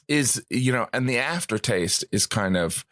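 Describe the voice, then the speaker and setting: A man's voice: medium pitch, expressive, a little slow, a bit bright, no echo, clean studio sound. A man who is a guest comedian on a podcast, musing casually and often acting out quoted voices with a self-deprecating touch.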